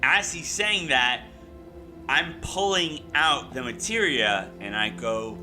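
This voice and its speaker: A man playing a tabletop game, speaking slowly and deliberately. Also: medium pitch, expressive, sharp tone, soft background music. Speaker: player. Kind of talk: tabletop role-play.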